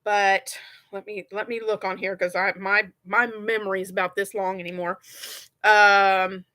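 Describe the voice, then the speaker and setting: A woman's voice: mid-range voice, flat delivery, normal speed, pushed and bright. A middle-aged woman hosting a crochet livestream, chatting casually and rambling with viewers and laughing often. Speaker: crochet channel host.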